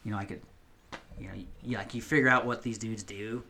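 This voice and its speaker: Bright-voiced man rambling through a story. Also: lowish voice, fairly even intonation, quick pace, a little hiss or hum. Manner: rambling, profane, many fillers and restarts. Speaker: podcast co-host telling a story. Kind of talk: casual storytelling chat.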